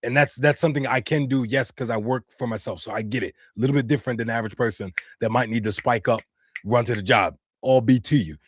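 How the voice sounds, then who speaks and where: In a home studio, an American voice actor chats casually on a live stream, tossing out loose slang as he answers viewer comments. His medium-pitched voice is husky and quick, with no echo.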